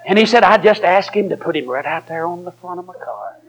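A male preacher giving a sermon, telling folksy stories that swing from chuckling asides to emphatic shouts. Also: sits high, animated, fairly quick, slight background noise, poor audio.

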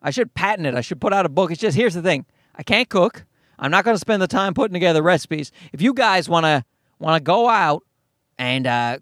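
Animated profane podcast guy, high voice. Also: dry recording, clean studio sound. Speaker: podcast host. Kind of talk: casual comedic monologue.

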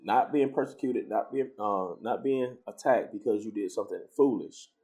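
A man's voice: lowish voice, moderate pace. A man telling a personal faith story in casual talk, acting out the voices of the people he quotes. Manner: storytelling, animated when quoting others.

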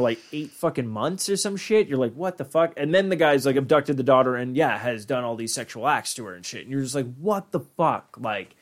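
A young man co-hosting a podcast in casual chat, rambling with lots of fillers and swearing. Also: medium pitch. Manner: rambling, profane, full of "like" fillers. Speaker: podcast co-host.

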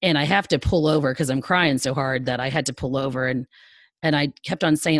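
A woman's voice: rumbling low, fairly quick, no echo. A middle-aged woman, a podcast guest, telling a personal story in conversation, laughing often and acting out the dialogue. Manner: animated, laughing storyteller who acts out quoted dialogue.

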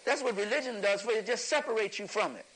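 A man with a high, bright voice delivers a fiery lecture to a live audience. He talks like a preacher, building his points until he is shouting. He chuckles along the way. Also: fast talker, a little hiss or hum, rough recording. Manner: preacherly, emphatic, rising to shouts.

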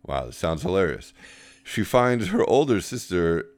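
Deep-voiced sarcastic man. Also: sing-song, measured pace, no echo. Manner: dry, sarcastic. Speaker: podcast co-host. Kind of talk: casual comedic chat.

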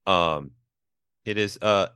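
Low-voiced guy rambling about a movie, lots of um and like, dry close sound. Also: slow pace, pushed and bright, clean tone, no room sound. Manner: hesitant, many fillers and restarts. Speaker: podcast co-host. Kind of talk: casual film review chat.

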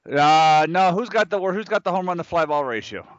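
A man's voice: on the high side, expressive, fairly quick, no room sound, lo-fi sound. A man co-hosting a podcast, chatting casually during a fantasy draft, often laughing and making wry jokes. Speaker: podcast co-host.

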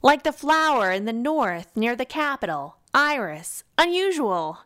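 A woman's voice: fairly high pitch, sing-song, a little slow, a bit bright, voice pushed up. A woman doing an eager, nosy young man. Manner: eager, prying questions. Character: friendly, nosy young man, charming and talkative.

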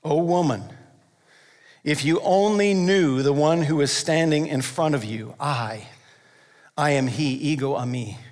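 Preacher doing commanding solemn man, high voice, drawn-out declarations, hall echo. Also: big pitch swings, vocal fry, a bit bright, exaggerated voice. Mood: tender. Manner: declaiming, stretched solemn words. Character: intense, commanding adult man declaring himself. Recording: long hall reverb.

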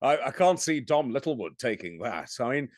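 Male co-host, dry wit, expressive pitch, close and dry. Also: normal speed, no room sound. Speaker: podcast co-host. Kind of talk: casual chat.

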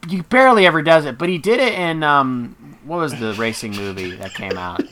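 A man's voice: fairly high pitch, animated, brisk, fairly bright tone. A man co-hosting a casual podcast chat, thinking aloud and laughing often. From United States. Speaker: podcast co-host.

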